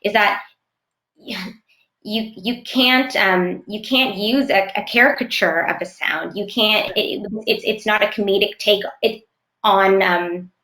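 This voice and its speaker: A woman actress talking thoughtfully in an interview, often pausing to search for words. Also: mid-range voice, pushed and bright, reverberant. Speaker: actress guest. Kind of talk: casual interview chat.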